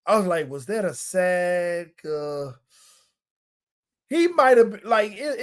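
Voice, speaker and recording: A man hosting a casual sports podcast, breaking down plays in an emphatic, colloquial way and repeating points for effect. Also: high-pitched.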